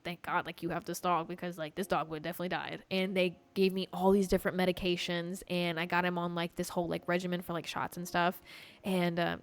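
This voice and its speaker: Animated swearing woman podcast host. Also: fairly low pitch, clear, resonant tone, dry recording. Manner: animated, swears often, heavy "like" filler. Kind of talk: casual storytelling chat.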